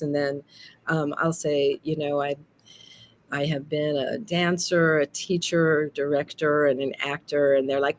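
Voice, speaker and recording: A middle-aged woman, an actress and teacher, telling lively stories in a casual interview and acting out what others said. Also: low-pitched, measured pace. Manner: lively storytelling, quotes others in acted voices.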